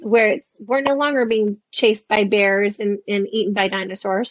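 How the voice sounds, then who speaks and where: A woman in her fifties chatting as a guest in an interview, animated and acting out the voices she quotes. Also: medium pitch, moderate pace, hardly any pauses, no room sound. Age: 50s. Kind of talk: casual interview chat.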